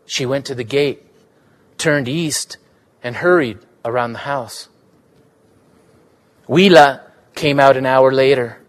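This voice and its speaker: A man giving a live reading of literary fiction, measured and unhurried in his storytelling. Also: medium pitch. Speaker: reader.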